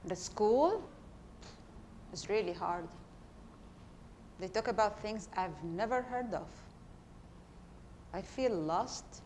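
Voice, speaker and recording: A woman's voice: mid-range voice, animated, slow, long pauses, a little mellow, a little hiss or hum. Earnest woman. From Palestine. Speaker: performer. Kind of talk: documentary stage play.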